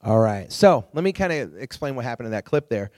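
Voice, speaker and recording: A man's voice: medium pitch, a little fast. A man preaching to a youth group, telling stories animatedly and acting out quotes. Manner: animated storytelling with acted-out quotes. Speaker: youth pastor.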